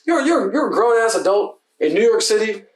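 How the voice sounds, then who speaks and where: A man co-hosting a podcast, telling bartending stories in a fast, profane, casual way. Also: sits high, very animated, distant mic. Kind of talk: casual chat. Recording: roomy sound from off-mic.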